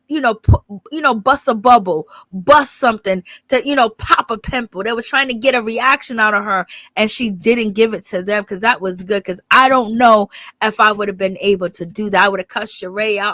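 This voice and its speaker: A woman's voice: medium pitch, sharp tone, no echo. A woman hosting her channel, giving rambling, blunt and profane live gossip commentary. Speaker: channel host.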